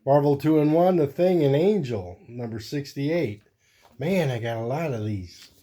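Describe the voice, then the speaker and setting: A medium-pitched man with mellow, lively intonation hosts his own video, taking a measured pace as he shows off his comics one at a time. He's easygoing and rambling, thinking aloud as he flips through the stack.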